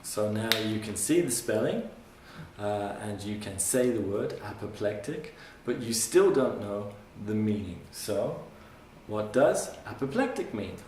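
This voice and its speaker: A man's voice: lowish voice, lively intonation, darkish tone, a little hiss or hum. Man teaching English in a roomy classroom. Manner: patient, repeats phrases slowly for learners. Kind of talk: classroom language lesson. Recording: roomy classroom sound from a distant mic.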